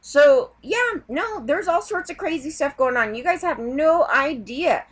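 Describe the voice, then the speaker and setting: High-voiced woman on a heated rant. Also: lively intonation, measured pace. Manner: heated, profane, rambling rant. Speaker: vlogger. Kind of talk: ranting vlog.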